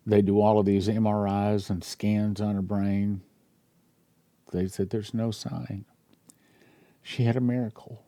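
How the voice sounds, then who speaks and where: A man in his sixties, a pastor, reading a dream account aloud in a sermon and talking earnestly, growing quiet and emotional over a personal story. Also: lowish voice, little pitch movement, measured pace, long pauses, no echo.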